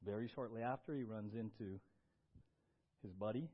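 A man's voice: moderate pace, pauses often, narrow, tinny audio. Emphatic male pastor preaching. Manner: emphatic preaching, swinging from loud bursts to low quiet stretches. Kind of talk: sermon.

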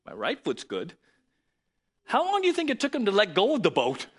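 Man, pastor, conversational sermon, rhetorical questions, high voice, very lively pitch. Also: a little fast, slightly rough. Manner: animated, conversational preaching with repeated rhetorical questions.

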